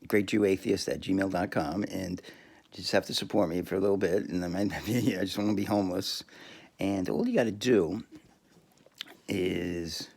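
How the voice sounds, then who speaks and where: Gravelly, rambling man who laughs a lot. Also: low-pitched, steady tone, moderate pace, darkish tone. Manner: crude, laughs often, rambling with many restarts. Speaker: podcast host. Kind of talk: rambling solo monologue.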